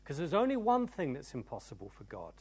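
Male pastor, live sermon to a congregation, high voice, very expressive, big swings from shouts to near-whispers. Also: fast talker, slightly rough, soft background music. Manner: animated and emphatic, swinging from loud cries to hushed tones. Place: church service before a congregation.

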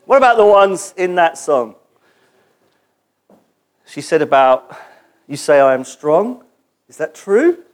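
Man, preacher, sermon, high voice, animated, playful, call-and-response with congregation. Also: slow pace, long pauses. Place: church gathering before a congregation.

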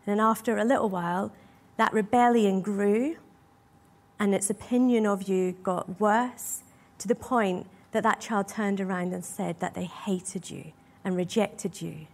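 A woman preaches to a congregation in a heartfelt, earnest way. Her voice sits at a middling pitch and carries real feeling, and she leans on rhetorical questions to draw her listeners in. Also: steady tone, unhurried. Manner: earnest, emotional, asks many rhetorical questions. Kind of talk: sermon.

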